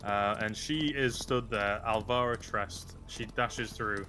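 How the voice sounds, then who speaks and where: A man narrates scenes as game master of a tabletop role-playing game, hesitant and full of ums and uhs. His voice is on the low side, pushed and bright, and he speaks slowly over soft background music.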